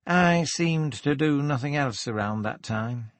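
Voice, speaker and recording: A man's voice: mid-range voice, animated, unhurried, no echo, close to an everyday voice. A man voicing a nervous older shop manager who hesitates, fumbles, then turns indignant under questioning. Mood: hesitant.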